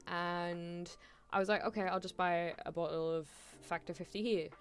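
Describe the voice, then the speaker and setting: A young woman with a British accent, chatting casually on a live stream and rambling animatedly, laughing and apologizing often. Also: fairly low pitch. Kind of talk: casual chat.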